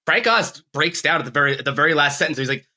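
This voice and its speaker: A man's voice: a little high, expressive, quick pace, pushed and bright. A man co-hosting a podcast in casual chat, swearing and laughing often as he talks. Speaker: podcast co-host.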